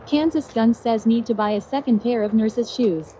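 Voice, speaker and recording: A synthetic woman's voice reading viewer chat messages aloud in a flat, even manner. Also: a little high, moderate pace, slight background noise. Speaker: text-to-speech chat reader.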